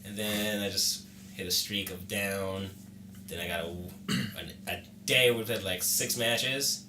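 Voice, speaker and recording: A man's voice: fairly low pitch, steady tone, measured pace, reverberant, noisy background. A man co-hosting a gaming podcast as the game developer, chatting casually, joking around and swearing freely in a small home studio room. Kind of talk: casual chat.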